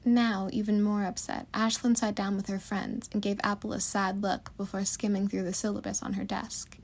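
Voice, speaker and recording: A woman narrating a fan-written story in a steady, descriptive way. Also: medium pitch, moderate pace, gravelly. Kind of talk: storybook reading of fan fiction.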